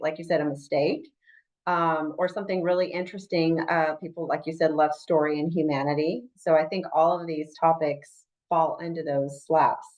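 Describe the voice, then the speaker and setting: A woman with a lowish voice hosting a live webinar over a video call. She chimes in with short agreeing remarks. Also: a little mellow. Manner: brief agreeing responses. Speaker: webinar host.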